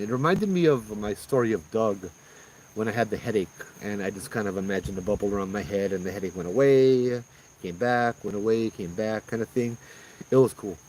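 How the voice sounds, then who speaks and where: A man hosting a live stream outdoors at night, telling his own ghost stories in an excited, rambling way with lots of fillers. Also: on the low side, slight background noise, rough recording. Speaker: paranormal storyteller host. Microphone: phones streaming live.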